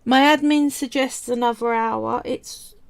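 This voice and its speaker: A woman's voice: fairly high pitch, fairly even intonation, a little slow, vocal fry. A woman with a Cockney accent from East London, chatting casually during a live stream as she sculpts and wanders off on tangents while answering viewers. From England. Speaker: polymer clay artist streaming live.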